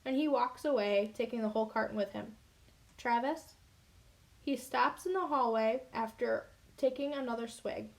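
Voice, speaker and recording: A woman narrating a children's novel in the first person with an expressive, earnest reading. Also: fairly high pitch, normal speed, gravelly, hardly any pauses. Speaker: audiobook reader.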